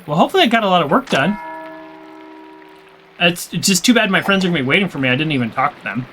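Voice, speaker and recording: A man's voice: high voice, animated, fast, pushed and bright, faint music behind, rough recording. A man giving casual, self-mocking commentary while playing a story game, stumbling over hard words, his voice a little strained. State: slightly strained voice. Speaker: let's play streamer.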